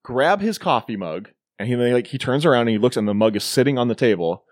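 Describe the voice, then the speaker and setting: Male podcast co-host, lively pitch, dry close sound, casual movie recap. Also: quick pace, no echo. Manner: animated retelling, mimics characters in quoted bits. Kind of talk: casual movie review chat.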